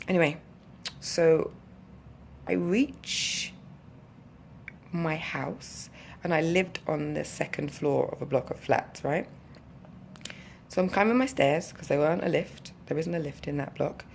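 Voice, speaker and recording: A woman telling a story to her vlog viewers in a chatty, animated way, with asides to the audience. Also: deep voice, measured pace, creaky, pauses often, a little hiss or hum. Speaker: vlogger. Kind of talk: casual storytelling to camera.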